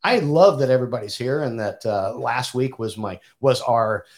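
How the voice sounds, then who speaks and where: A man's voice: medium pitch, normal speed. A man co-hosting a casual home podcast, easygoing, laughing often and swearing now and then. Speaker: podcast co-host. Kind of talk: casual chat.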